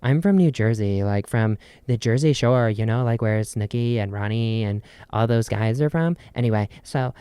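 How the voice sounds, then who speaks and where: A man's voice: medium pitch, normal speed, hardly any pauses, mellow, clear, resonant tone, no echo, natural voice. A man voicing a bubbly young female TikTok vlogger with chirpy, breathless influencer patter.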